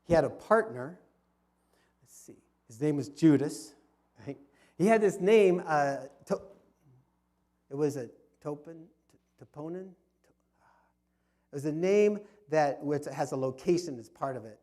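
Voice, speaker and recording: A man's voice: fairly high pitch, expressive, measured pace, long pauses, dark tone. A man giving an informal history talk in a fellowship hall, telling the story with frequent restarts and repeated words. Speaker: history club speaker.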